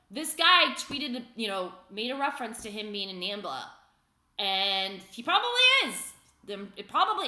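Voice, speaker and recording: A woman talking straight to her viewers in an upset, heated rant, swinging between loud outbursts and quiet muttering. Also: on the high side, echoey room. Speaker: vlogger. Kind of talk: agitated opinion rant to viewers.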